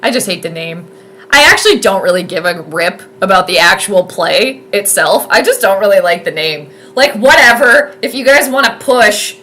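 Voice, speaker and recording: A woman giving chatty, excitable live commentary on a football game from home, rambling with lots of fillers. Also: medium pitch, moderate pace. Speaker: sports streamer doing live game commentary.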